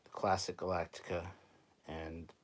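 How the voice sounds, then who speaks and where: A man hosting a casual livestream show-and-tell from a room at home, talking in a relaxed, rambling, self-deprecating way. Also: low voice, a little slow. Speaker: channel host. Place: upstairs room at home filled with collectibles.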